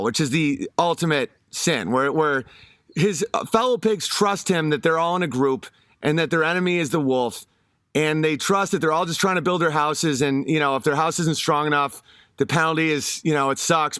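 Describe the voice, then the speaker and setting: A man's voice: fairly high pitch, a bit bright, no echo, clean studio sound. A man giving a rambling, casual monologue, often restarting his sentences. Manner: rambling, with many fillers and restarts.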